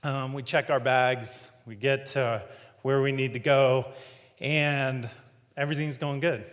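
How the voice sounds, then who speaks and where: A man's voice: mid-range voice, steady tone, measured pace, fairly bright tone. A man giving a humorous, conversational storytelling talk on stage as a keynote speaker. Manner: conversational and humorous, laughs often. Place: large event hall. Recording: long hall reverb.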